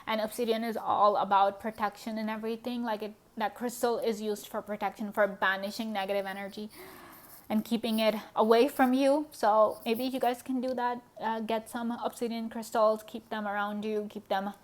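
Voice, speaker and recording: Gushy lady doing a tarot reading, kinda high voice, lots of um and laughs. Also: level tone, moderate pace. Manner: chatty, gushing, with frequent fillers and laughs. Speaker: tarot reader. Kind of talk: pick-a-card tarot reading.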